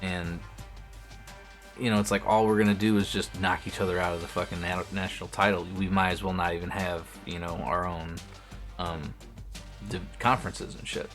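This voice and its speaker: A young man with a deep, low voice talks his way through a football video game, thinking aloud, cursing and breaking off mid-sentence. Faint music plays quietly behind him. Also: little pitch movement, moderate pace. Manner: talks to himself while playing, swears often, restarts sentences. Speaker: streamer. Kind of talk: casual gameplay commentary.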